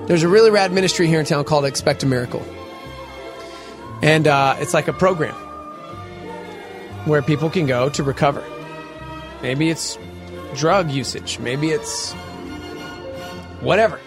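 A man hosting a morning radio show, telling a story in an animated, casual way. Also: music in the background. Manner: animated, fast storytelling with big pitch jumps. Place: radio studio.

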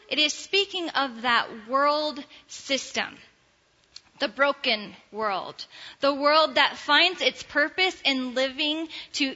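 Female preacher, unhurried sermon delivery, dull lo-fi recording in a reverberant hall. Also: high-pitched, pushed and bright. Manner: slow, deliberate preaching with scripture readings.

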